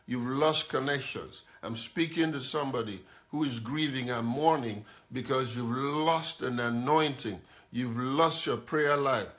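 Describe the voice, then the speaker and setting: A man's voice: medium pitch, a bit bright. A man preaching a live-streamed sermon as pastor, emphatic and repetitive, calling out to viewers. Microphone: camera mic.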